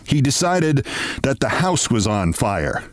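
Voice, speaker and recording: A man, the host of the show, reading a comic story aloud in a lively, theatrical manner, recorded in a studio. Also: mid-range voice, takes it slowly, no room sound.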